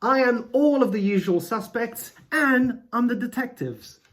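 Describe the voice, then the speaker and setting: A man's voice: extremely high pitch, animated, a little slow, a bit bright, voice pushed up, full character voice. A man voicing God as a boastful, all-powerful male figure, gleeful and grand.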